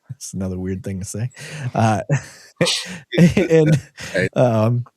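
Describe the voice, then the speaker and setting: A middle-aged man co-hosting a live podcast, telling a story in a casual, animated way with bursts of laughter. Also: fairly low pitch, slow pace, dry recording. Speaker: podcast co-host.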